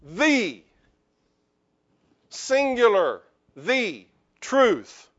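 A male pastor delivering a lively sermon in church, joking with the congregation and calling for amens. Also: high voice, extremely slow, lo-fi sound.

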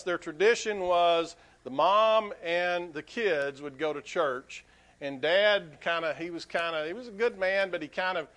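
Pastor guy preaching, a bit higher voice, earnest, keeps restarting his words. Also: a bit bright. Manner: earnest storytelling with many restarts. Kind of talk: sermon.

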